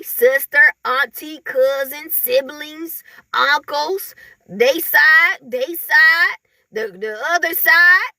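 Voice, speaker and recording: High, bright-voiced woman ranting with laughs. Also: no room sound. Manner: animated, laughing, acts out others in mocking voices. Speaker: vlogger. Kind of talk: casual monologue to camera.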